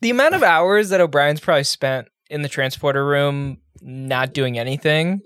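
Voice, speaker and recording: A woman's voice: sits low, moderate pace, no echo, studio quality. A young woman co-hosting a casual chat, joking and giggling through the banter. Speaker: podcast co-host.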